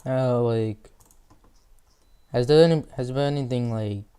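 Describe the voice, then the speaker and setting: A teenage boy hosts a casual chat, asking loose, rambling questions packed with filler words. His voice is mellow and smooth at an ordinary pitch. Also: measured pace. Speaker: host. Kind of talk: casual interview.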